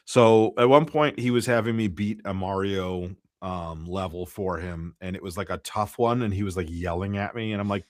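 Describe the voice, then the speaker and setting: A man with a very low, deep voice, recorded dry and close with no room sound. He chats easily as a podcast co-host, pausing on fillers and stretching out his phrases. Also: steady tone, no room sound. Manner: easygoing, with hesitant fillers and drawn-out phrases. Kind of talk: casual chat.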